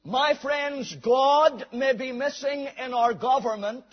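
A man's voice: extremely high pitch, slow pace. A man preaching a sermon, reading scripture aloud and telling a story to his listeners. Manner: reads scripture aloud then tells a story. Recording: dull recording in a hall with long reverb.

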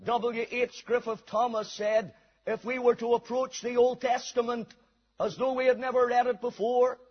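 Male preacher, sermon, high voice, husky, long hall reverb, dull lo-fi recording. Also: little pitch movement, moderate pace. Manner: reads scripture aloud then tells a story.

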